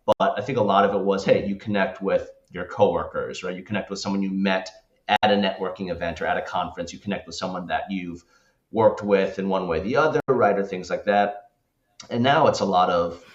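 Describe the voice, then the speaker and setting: A man guest on a podcast, talking casually and rambling, with many restarts and tag questions. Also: low-pitched. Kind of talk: casual interview talk. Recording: echoey, dull lo-fi sound.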